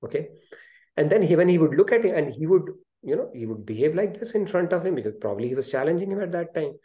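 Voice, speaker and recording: A man with an Indian English accent hosting an online spiritual study session on a video call, telling a story lively and acting out the quoted speech. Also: a little high, fast, muffled recording.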